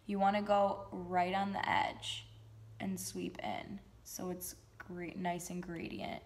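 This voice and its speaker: A woman's voice: lowish voice, flat delivery, slow pace. A young adult woman chatting casually through a makeup tutorial, with goofy joking asides. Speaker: beauty vlogger.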